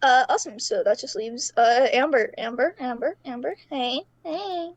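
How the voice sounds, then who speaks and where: High, giggly woman game master. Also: normal speed, no room sound, dull audio. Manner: giggly, playful. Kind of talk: narrating a tabletop game.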